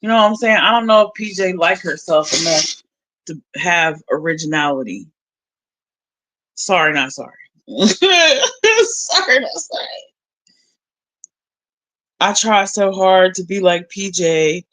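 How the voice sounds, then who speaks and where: Young woman livestreamer, blunt and profane, laughs a lot, bright and sharp-toned voice. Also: fairly low pitch, normal speed, poor audio. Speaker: livestream host. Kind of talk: casual livestream chat.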